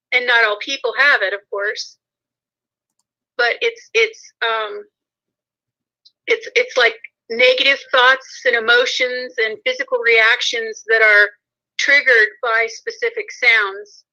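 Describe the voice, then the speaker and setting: A woman calling in as a guest, talking hesitantly with many pauses and restarts. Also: fairly high pitch, fairly even intonation, sharp tone, lo-fi sound. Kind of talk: phone-in guest chat. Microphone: phone.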